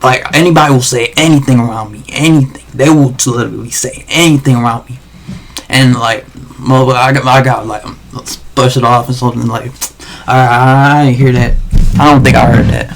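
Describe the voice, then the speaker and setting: A man's voice: medium pitch, steady tone, brisk, slight background noise. A man livestreaming a rambling, slangy monologue full of swearing and restarts.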